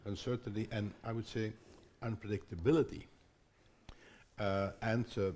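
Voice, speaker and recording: Older man moderating a panel, halting. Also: low voice, a little mellow, slight background noise. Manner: halting, many fillers and restarts. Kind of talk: hesitant conference panel moderation. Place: conference hall panel.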